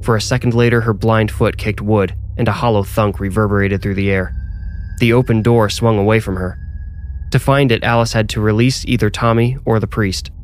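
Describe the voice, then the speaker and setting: A man reading a scripted horror story in a measured, suspenseful way. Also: on the low side, steady tone, a little hiss or hum. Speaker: narrator and author.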